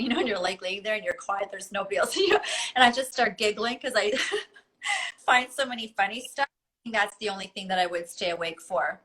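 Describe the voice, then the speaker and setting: A woman guest in a casual conversation, telling stories in an animated way and giggling often. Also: mid-range voice, rough recording. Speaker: podcast guest.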